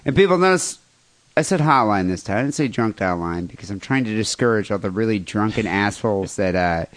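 A man's voice: on the low side, animated, brisk. Man hosting a crude joking podcast. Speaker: podcast host. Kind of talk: casual chat.

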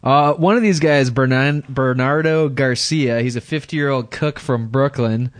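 A man's voice: medium pitch, measured pace, dry recording, studio quality. A man co-hosting a casual podcast, reading news stories aloud with crude jokes, often stumbling over names and laughing mid-sentence. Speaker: podcast co-host.

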